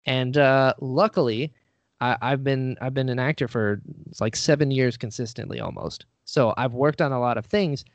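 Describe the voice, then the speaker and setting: An actor and writer appearing as a podcast guest tells a story in a mid-range voice at normal speed, casual and self-deprecating, acting out the voices he quotes. The recording is dull, lo-fi, and dry, with no echo.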